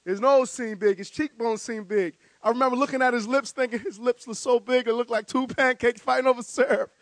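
High-voiced man telling a lively story. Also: brisk, no echo. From New Jersey. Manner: animated, vivid storyteller, stammering repeats. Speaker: guest speaker. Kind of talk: storytelling speech.

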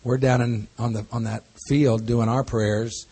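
A man's voice: medium pitch, level tone, measured pace, dark tone, slightly rough. A man speaking as a pastor to a congregation, telling stories in a folksy, joking way. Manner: folksy, jokey storytelling with laughs. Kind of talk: church talk to a congregation.

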